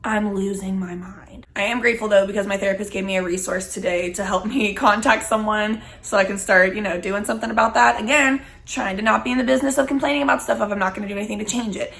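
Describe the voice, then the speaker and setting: A woman's voice: mid-range voice, fairly bright tone. Woman, mid-twenties, casual vlogger, chatty, blunt, salty language. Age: 20s. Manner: candid, swears freely, chatty and rambling. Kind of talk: casual chat while smoking.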